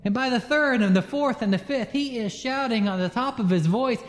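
A pastor with a notably high voice tells a story from the pulpit in an animated, laughing way. The sound carries a long reverb, as in a large hall. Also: male voice, normal speed. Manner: animated storyteller, laughs through his own anecdotes. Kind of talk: storytelling sermon.

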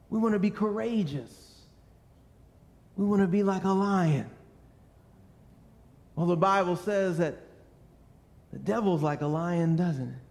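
A man's voice: high-pitched, a little mellow. A man preaching a sermon with an earnest, storytelling delivery full of rhetorical questions. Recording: long hall reverb.

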